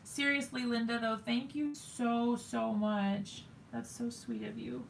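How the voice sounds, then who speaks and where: Slow, gravelly-voiced woman crafting live. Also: fairly high pitch, flat delivery, slight background noise. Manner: talks to viewers while working, thinks aloud, self-mocking. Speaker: craft live stream host. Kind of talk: chatty live crafting demo.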